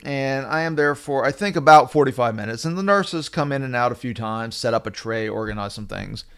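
A middle-aged man hosting a podcast, telling a story in a wry, animated way. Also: mid-range voice, fairly quick, clean tone. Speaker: podcast host. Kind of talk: storytelling monologue.

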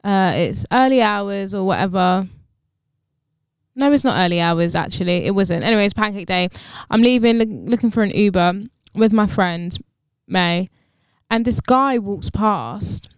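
A woman's voice: medium pitch, a little slow, clear, resonant tone, no room sound, studio quality. A young woman chatting casually and bluntly, swearing freely as she tells a story. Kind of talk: casual chat.

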